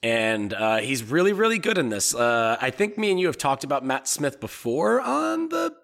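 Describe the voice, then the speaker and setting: A man's voice: medium pitch, very animated, moderate pace, creaky, fairly bright tone. A young man co-hosting a podcast, talking about films in a laid-back way with casual swearing. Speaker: podcast co-host. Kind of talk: casual film discussion.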